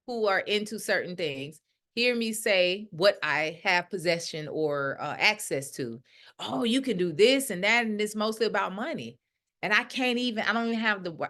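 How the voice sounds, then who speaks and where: A middle-aged woman leading a ministry, giving a casual spiritual talk and acting out the voices of the people she quotes. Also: lowish voice. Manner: animated, acts out quoted voices. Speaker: ministry leader.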